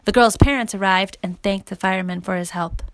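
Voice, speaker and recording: A woman reading a children's story aloud as narrator, in a steady, clear manner. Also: mid-range voice, a little fast, no echo.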